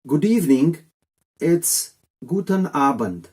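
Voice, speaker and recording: Male tutor, relaxed mellow tone, loose jokey delivery for a casual video lesson. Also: on the high side, slow, husky. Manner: rambling, chatty, jokey asides. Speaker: language teacher.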